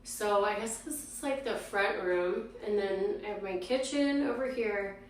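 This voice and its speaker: A woman vlogging casually about her days, tired and out of breath, speaking softly. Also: medium pitch, reverberant, distant mic, a little hiss or hum. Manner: weary, speaking softly and slowly. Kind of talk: casual personal vlog. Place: hospital room, then home.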